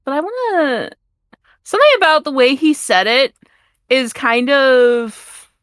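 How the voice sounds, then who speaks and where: Female player, quick and playful, higher voice, dry close audio. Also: expressive, a bit bright, dry recording. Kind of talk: tabletop role-play.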